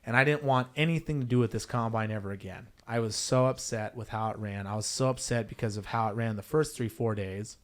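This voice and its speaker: A young adult man, a podcast guest, tells a story casually in an animated, rambling way, restarting and correcting himself. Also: on the low side, a little fast, hardly any pauses.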